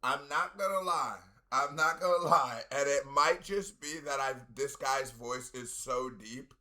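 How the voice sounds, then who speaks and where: A man reacting to a rap song in casual commentary, often bursting into loud, high exclamations. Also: a little slow. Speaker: music reaction YouTuber.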